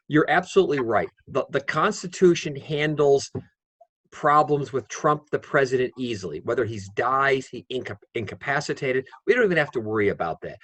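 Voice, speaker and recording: A man who is a political science professor, giving measured, explanatory answers with dry wit from home over a video call. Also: medium pitch, fairly bright tone, dry recording. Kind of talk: interview answers.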